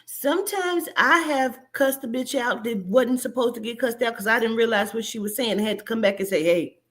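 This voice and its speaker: A woman's voice: a little high, fairly quick, fairly bright tone. A woman, delivering brash, profane, mocking reaction commentary as a host. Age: 40s.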